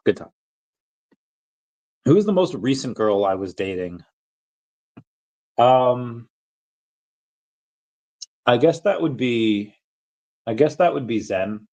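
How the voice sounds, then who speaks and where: A man's voice: mid-range voice, animated, slow pace, long pauses, a little mellow, poor audio. A man casually chatting on a livestream, answering chat questions in a rambling, self-interrupting way with frequent chuckles.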